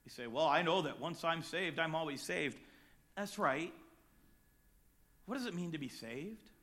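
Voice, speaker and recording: High, lively man preaching a sermon. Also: unhurried. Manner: swings from quiet to shouting.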